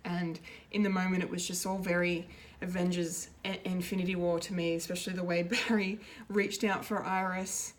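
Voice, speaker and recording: Rambling woman recapping a TV episode, lowish voice. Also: moderate pace, few pauses. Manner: rambling and excitable, many fillers and restarts. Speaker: pop culture reviewer, show regular.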